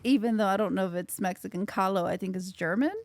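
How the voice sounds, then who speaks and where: A woman's voice: medium pitch, fairly even intonation, fast, dry recording. A young woman co-hosting a casual podcast, teasing her friend and giggling. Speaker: podcast co-host.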